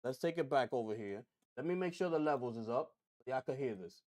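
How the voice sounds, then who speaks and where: A man's voice: mid-range voice, brisk. A man hosting a gaming news livestream, talking casually and straight to viewers, repeating himself for emphasis. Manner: animated, repetitive, talks straight to viewers.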